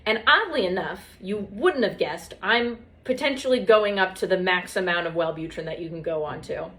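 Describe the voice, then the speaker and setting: A woman's voice: on the low side, normal speed, fairly bright tone. A young woman telling stories in casual chat, sarcastic and swearing, mocking other people's lines in put-on voices. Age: young adult.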